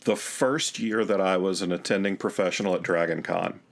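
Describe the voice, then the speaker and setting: A man's voice: deep voice, fairly even intonation, normal speed, creaky. A man co-hosting a podcast, chatting casually and telling stories in a blunt, sweary way. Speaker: podcast co-host. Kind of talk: casual chat.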